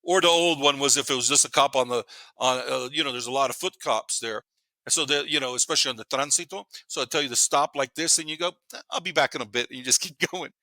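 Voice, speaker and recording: A man in his fifties, a podcast guest, telling rambling, animated stories in casual chat, swearing freely and laughing as he goes. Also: mid-range voice, fast, no room sound. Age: 50s. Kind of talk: casual storytelling.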